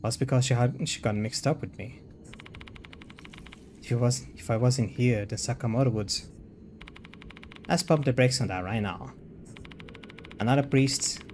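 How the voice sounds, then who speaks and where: A man reads a horror game's text aloud as a streamer, keeping an even, middle-pitched voice with no put-on voices for the characters. He stops now and then for short remarks of his own before going back to the text. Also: a little hiss or hum. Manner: reads dialogue and narration plainly, breaking off for quick reactions. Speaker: streamer playing a horror visual novel. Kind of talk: reading game text aloud with commentary.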